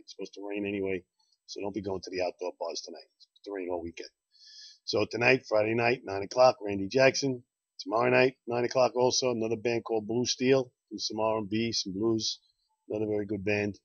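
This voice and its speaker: Brief: quick, husky bar host with folksy, repetitive sales patter, recorded dull and lo-fi. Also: male voice, on the low side, dry recording. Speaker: bar host promoting events. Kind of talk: casual promo talk and joke telling. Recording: dull lo-fi dry sound.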